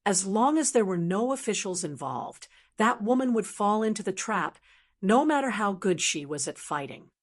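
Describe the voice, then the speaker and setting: A woman narrating a martial arts novel audiobook in a steady, even storytelling manner. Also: medium pitch, moderate pace. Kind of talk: scripted narration.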